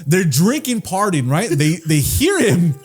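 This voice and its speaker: A man's voice: sits high, a little slow, husky, faint music behind. A man on a podcast, telling a story in casual, profane chat and acting out the voices of the people in it. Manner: animated, profane, acts out quoted voices. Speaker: podcast co-host.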